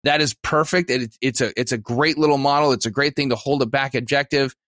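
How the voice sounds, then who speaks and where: A man's voice: medium pitch, steady tone, fast, a bit bright, dry recording, studio quality. Eager stammering man on a podcast. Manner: enthusiastic, stammering restarts. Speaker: podcast co-host. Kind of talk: casual chat about tabletop gaming.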